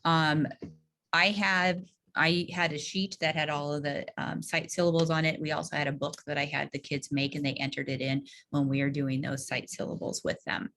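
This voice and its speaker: A woman's voice: low-pitched, a bit bright. A woman leading an online teacher training workshop over a video call, explaining a reading routine step by step and modelling the prompts she gives in class. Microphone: video call microphone.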